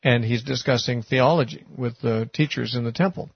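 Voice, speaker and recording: A man's voice: medium pitch, moderate pace, vocal fry, breathy edge, dry recording. A man giving a sermon-style Bible teaching, talking conversationally with frequent "uh" and "you know". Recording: muffled, lo-fi recording.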